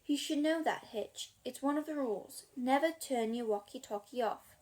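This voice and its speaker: A plucky girl sleuth from a children's storybook, calling out with a raised, pleading urgency. Her voice sits bright and high, as a woman puts her on while reading aloud. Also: moderate pace, natural voice. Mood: firm.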